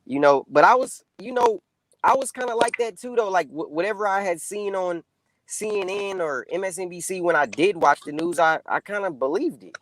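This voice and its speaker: A man's voice: sits high, moderate pace, fairly bright tone, slight background noise, poor audio. A man speaking as a guest in a casual political discussion, loose and conversational with lots of fillers.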